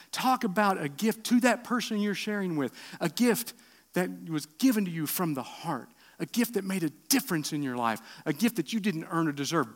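Animated middle-aged preacher. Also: male voice, fairly high pitch. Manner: animated preaching with rhetorical questions and sudden drops to quiet. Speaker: pastor. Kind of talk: sermon.

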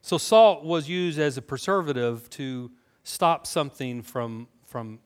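An American man preaching a sermon in an animated, conversational way, full of rhetorical questions. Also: fairly high pitch, measured pace. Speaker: pastor.

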